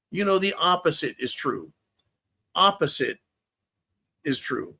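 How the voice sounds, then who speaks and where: A livestream host with a high, expressive voice that sounds pushed and bright rants about politics at a moderate pace. He swears heavily and keeps repeating his points to hammer them home.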